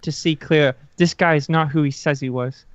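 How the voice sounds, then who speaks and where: A player in a tabletop role-playing game, talking in a brash, excitable way and stumbling over words. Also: medium pitch, moderate pace, no room sound, muffled recording. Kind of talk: in-character tabletop role-play.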